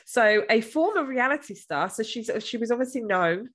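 A woman's voice: on the high side, lively intonation, normal speed, a bit bright. A woman co-hosting a podcast, chatting casually and crudely with bursts of giggling. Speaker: podcast co-host.

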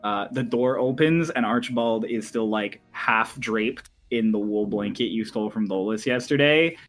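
A man's voice: on the low side, moderate pace, fairly bright tone, soft background music. A man narrating as game master for a tabletop game, rambling and laughing often.

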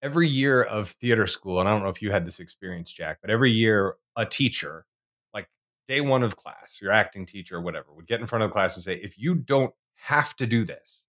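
A male podcast host with a fairly low voice, chatting casually. He rambles a little and laughs at his own jokes. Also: expressive, fast talker, a bit bright. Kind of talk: casual interview chat.

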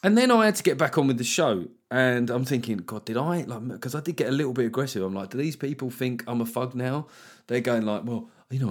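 Swearing comic telling a story. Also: male voice, medium pitch, expressive, a little fast. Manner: chatty, swears freely, acts out quoted voices. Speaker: podcast host and stand-up comedian. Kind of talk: casual solo podcast monologue.

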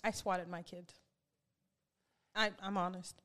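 A woman's voice: lowish voice, steady tone, slow pace, a bit bright. A middle-aged woman chatting as a podcast guest, laughing often as she tells family stories. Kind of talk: casual chat.

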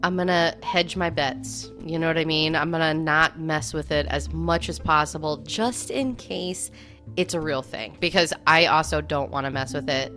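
Female podcast co-host, deep voice, chatty storyteller, faint music underneath. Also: fairly bright tone. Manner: conversational storytelling, many "like" fillers. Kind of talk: casual chat about hauntings.

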